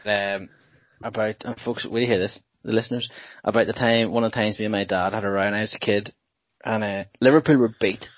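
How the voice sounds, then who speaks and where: Lively storytelling man, dull dry sound. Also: fairly low pitch, a little fast, dry recording. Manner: animated storyteller, laughs often. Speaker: podcast co-host. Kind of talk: casual chat. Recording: dull dry podcast mic.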